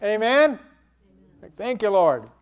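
A man's voice: high-pitched, big pitch swings, measured pace, clear, resonant tone. A man preaching a sermon, acting out quoted cries in a dramatic preaching manner.

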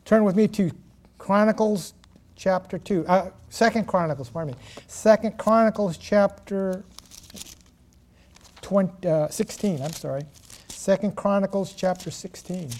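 A man preaching a sermon, reading scripture and stressing key words with pauses. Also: sits high, darkish tone. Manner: slow, emphatic preaching with pauses and self-corrections.

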